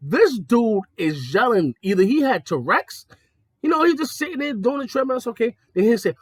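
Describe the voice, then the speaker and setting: A young adult man telling profane stories in a casual monologue, jumping between high excited tones and low mocking ones. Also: brisk, husky, dry recording, studio quality. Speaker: podcast host.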